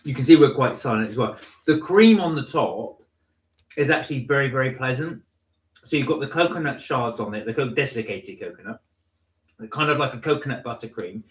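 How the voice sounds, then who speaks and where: A man's voice: mid-range voice, animated, brisk, roomy sound, distant mic. A man co-hosting a casual live-stream vlog, chatty and rambling as he reads comments and tells stories. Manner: chatty, rambling, with laughs and retold anecdotes. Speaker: vlog co-host.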